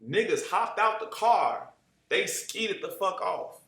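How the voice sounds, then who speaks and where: Animated man telling a street story. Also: sits high, normal speed. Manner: animated, acts out quoted voices, profane street slang. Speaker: storyteller guest. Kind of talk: casual storytelling. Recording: roomy echo.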